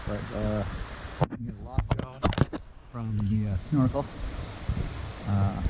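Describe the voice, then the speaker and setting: A man's voice: fairly low pitch, fairly even intonation, slow pace. A man filming himself on a head-mounted action camera outdoors at a stream, cold and wet, joking at his own expense as he gets ready to snorkel fish. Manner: joking, self-deprecating. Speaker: angler and video host. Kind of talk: casual self-filmed commentary. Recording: clear stream noise behind.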